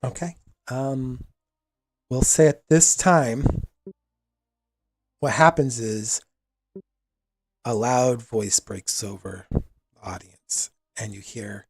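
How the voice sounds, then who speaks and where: A male game master narrates a tabletop game in a relaxed, loose way, with many fillers. His voice is slightly husky, and the recording is dry and close. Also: medium pitch, slow pace, long pauses, no room sound.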